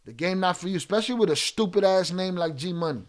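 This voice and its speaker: A man's voice: high voice, expressive, quick pace. A man, streaming and heatedly berating a viewer in chat, swearing hard. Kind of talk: angry livestream rant.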